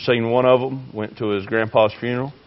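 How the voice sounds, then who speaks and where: A man preaching a fiery sermon, swinging between shouting and hushed tones. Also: mid-range voice, steady tone, brisk, dull audio. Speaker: pastor.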